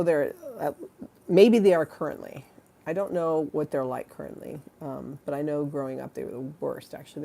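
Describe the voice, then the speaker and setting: Low-voiced woman chatting on a livestream. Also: gravelly, warm tone. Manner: rambling, giggly, reads chat names aloud. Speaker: livestream host. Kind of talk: casual livestream chat.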